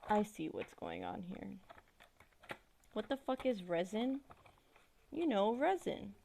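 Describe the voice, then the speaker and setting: A woman streamer talks to her viewers at home while she works on a craft. She rambles and swears freely, with plenty of fillers. Her mid-pitched voice has a gravelly fry, and there is faint typing and clicking behind her. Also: very animated, slow, dark tone, slight background noise. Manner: rambling, profane, lots of "like". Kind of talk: casual livestream chat while crafting.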